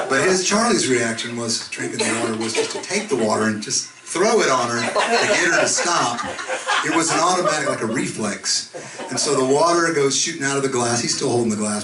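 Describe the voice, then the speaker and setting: A man performing live, telling a funny story between songs in a relaxed, chatty way. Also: medium pitch. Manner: laid-back, conversational, chuckling through the story. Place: concert venue stage with audience. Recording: echoey live room, distant, audience noise. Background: live audience.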